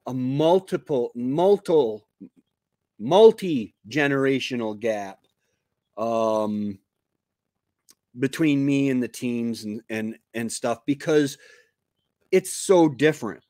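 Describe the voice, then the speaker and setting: Using a computer mic on his live stream, a homestead show host in his fifties talks in a slow, warm, medium-pitched voice. The chat is casual and rambling, packed with fillers and restarts, and the recording is dry and studio quality.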